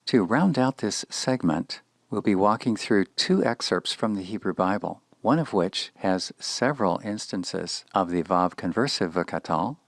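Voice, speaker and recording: A man teaching Biblical Hebrew grammar in a scripted lecture, speaking in a measured, deliberate way with precise enunciation. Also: deep voice, vocal fry, dry recording, studio quality.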